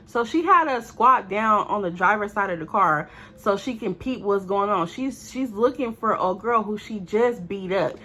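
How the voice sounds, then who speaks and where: A woman telling a storytime vlog in a casual, animated and profane way, often talking straight to her viewers. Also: mid-range voice, normal speed, hardly any pauses. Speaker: storytime vlogger.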